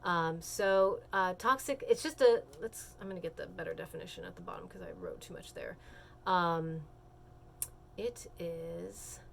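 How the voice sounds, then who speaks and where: A woman's voice: lowish voice, big pitch swings, unhurried, vocal fry, slight background noise. A woman giving a recorded class lecture in a conversational, emphatic way, with frequent fillers and self-corrections.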